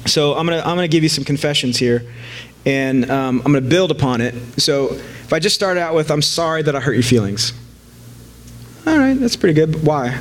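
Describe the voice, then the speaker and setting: A man's voice: on the high side, expressive, fairly quick, hardly any pauses. A man preaching a casual sermon to a live congregation, joking and conversational, with frequent fillers and restarts.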